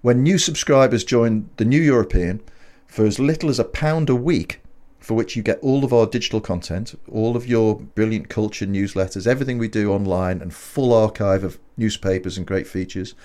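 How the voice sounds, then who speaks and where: A British man co-hosting a podcast, playing up an enthusiastic, jokey salesman's pitch. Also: normal speed, few pauses, a little mellow. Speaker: podcast co-host. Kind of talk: casual chat and host-read promo.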